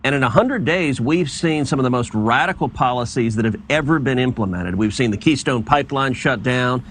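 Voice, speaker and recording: Male politician, mid-pitched, emphatic and repetitive, faint background noise. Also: expressive, fairly quick. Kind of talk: political talking points.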